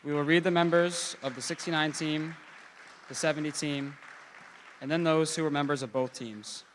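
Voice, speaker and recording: A man's voice: a little high, steady tone, some chatter behind, slight background noise. Formal male ceremony announcer. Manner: formal, measured. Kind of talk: reading announcements and roster.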